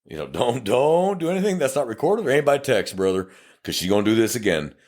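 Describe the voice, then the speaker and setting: Animated, profane South Texas cop storyteller. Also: male voice, medium pitch, fairly quick. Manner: profane, animated, acts out dialogue. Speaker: podcast co-host, police officer. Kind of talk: casual storytelling chat.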